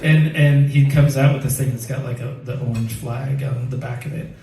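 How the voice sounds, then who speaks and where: Man, live storyteller, rambling and profane, heard from far off in a very echoey room with clear background noise. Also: mid-range voice, fairly even intonation, brisk, mellow. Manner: rambling, profane, laughs through the telling.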